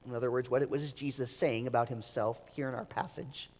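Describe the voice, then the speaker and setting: A man's voice: mid-range voice, fairly even intonation, fairly quick. A man preaching a sermon as pastor, emphatic, sometimes repeating words as he restarts. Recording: long reverb of a large hall.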